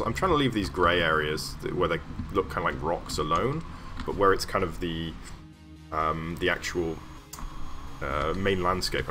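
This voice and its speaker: A man chatting casually on a livestream while building in a game, rambling with plenty of ums and small laughs. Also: a bass voice. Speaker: streamer.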